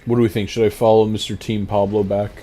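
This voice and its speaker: A man's voice: lowish voice, flat delivery, fast talker, dark tone. A man streaming a game, chatting casually and rambling as he reads and answers his chat.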